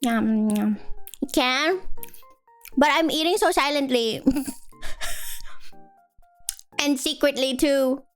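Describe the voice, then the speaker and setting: High, slow-talking sleepy woman streamer. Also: faint music behind. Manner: rambling and playful, with silly sing-song noises. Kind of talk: casual live-stream chat.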